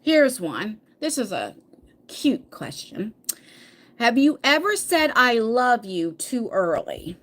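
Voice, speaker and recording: A chatty middle-aged woman hosting a relaxed live chat with viewers. Her voice sits fairly high and swings a lot as she talks. She laughs easily and trips over her words. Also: slow. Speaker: livestream host reading viewer comments. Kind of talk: casual chat.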